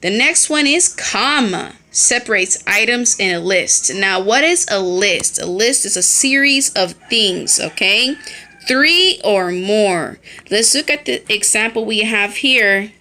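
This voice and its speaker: A woman's voice: mid-range voice, expressive, slow, bright, forceful tone. A woman teacher giving a recorded lesson on her phone, explaining step by step and checking in often. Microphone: phone held in hand.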